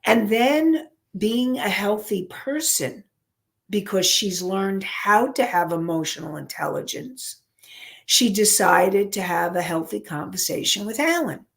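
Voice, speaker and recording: A woman's voice: medium pitch, expressive, creaky. A woman counselor and life coach teaching an online class, repeating and restarting phrases as she works through an example. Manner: unhurried, repeats and restarts phrases while explaining.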